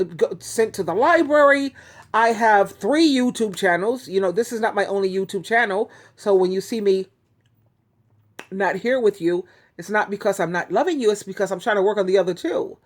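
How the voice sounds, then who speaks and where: A woman hosting her own advice channel, talking casually to viewers in a chatty, rambling way, often giggling and restarting her sentences. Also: mid-range voice. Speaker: YouTube advice host. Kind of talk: casual talk to camera.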